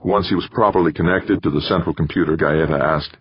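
A man narrating an audiobook in a steady, measured reading. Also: rumbling low, breathy edge, no room sound, highs cut off. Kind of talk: scripted narration.

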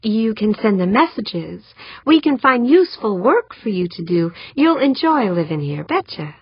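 A woman's voice: mid-range voice, big pitch swings, moderate pace, husky, no echo, pitched above the performer's own voice. A woman reading the part of a patient, encouraging young woman official in an audiobook. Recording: dry, dull lo-fi audiobook recording.

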